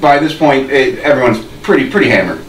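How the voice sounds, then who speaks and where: A man's voice: medium pitch, expressive, a little fast. Podcast co-host, male, loose rambling storyteller, roomy distant sound. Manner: rambling, laughing storyteller with restarts. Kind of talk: casual storytelling. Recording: roomy, distant mic with faint noise.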